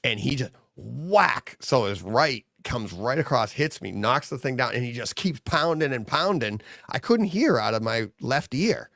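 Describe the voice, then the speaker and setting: A middle-aged man chats casually as host of a live show, spinning stories and jumping into little acted-out quotes between bursts of laughter. His voice has a gravelly rasp and swoops widely in pitch. The sound is dry and close. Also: unhurried, few pauses, no echo. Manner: animated, laughs often, acts out quotes. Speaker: livestream host. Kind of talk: casual chat, storytelling.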